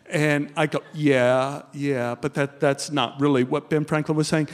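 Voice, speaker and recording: An older man from Texas telling a comic personal anecdote as a guest, animated and chuckling as he talks. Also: fairly high pitch, normal speed, hardly any pauses, big-room sound. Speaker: guest storyteller.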